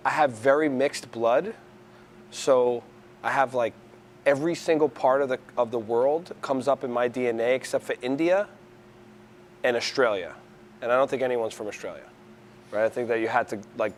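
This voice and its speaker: A man's voice: mid-range voice, moderate pace, a little hiss or hum. Man from New York City, casual interview tone, rambling delivery, faint ambience behind. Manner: rambling, restarts often, animated storyteller. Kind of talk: conversational interview.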